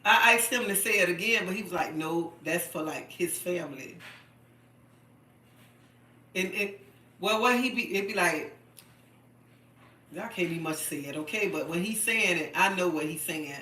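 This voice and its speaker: A woman's voice: on the low side, normal speed, pauses often, bright, forceful tone, echoey room, distant mic, slight background noise. A middle-aged woman chatting on her live stream, emphatic and repetitive, often checking in with "okay?". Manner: chatty and emphatic, repeats herself, keeps asking "okay?". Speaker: livestream host. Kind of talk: casual live-stream chat.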